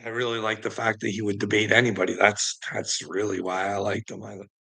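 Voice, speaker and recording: A man's voice: lowish voice, flat delivery, a little fast, vocal fry, sharp tone, slightly rough, poor audio. A man ranting bluntly and indignantly in a casual monologue, swearing heavily as he talks to his viewers. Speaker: vlogger.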